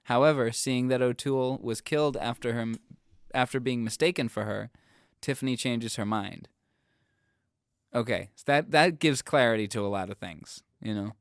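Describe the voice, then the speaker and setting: A man's voice: mid-range voice, moderate pace, gravelly, no echo, clean studio sound. A man co-hosting a casual film podcast, reading a plot summary aloud and bantering with friends. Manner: reads plot summaries, then jokes and banters. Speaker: podcast co-host.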